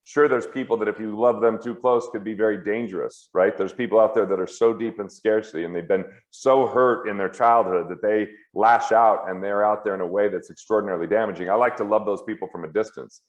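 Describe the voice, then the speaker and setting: A man as an interview guest at home, talking earnestly and candidly in quick heartfelt bursts. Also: lowish voice, steady tone. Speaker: guest, financial author and comedian. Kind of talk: earnest reflective conversation. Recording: roomy, slightly dull sound.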